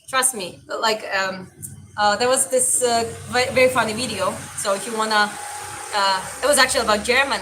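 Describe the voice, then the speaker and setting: Over some background noise, a young woman speaks in a mid-range voice with a mild Eastern European accent. She's a boxing coach hosting a livestream, chatting casually and replying to comments from viewers.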